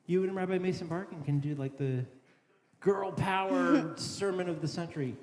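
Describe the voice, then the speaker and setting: A man's voice: high-pitched, normal speed, a little mellow. A man, a rabbi, leading a synagogue service in a casual, joking manner, speaking with the congregation. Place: synagogue sanctuary. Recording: echoey sanctuary with faint noise.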